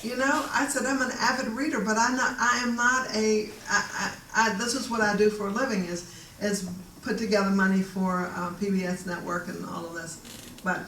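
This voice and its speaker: A woman telling a story from her own life in a casual, animated way, often laughing and acting out the voices of the people in it. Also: mid-range voice, moderate pace, hardly any pauses, slight background noise. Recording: echoey room, voice a bit distant.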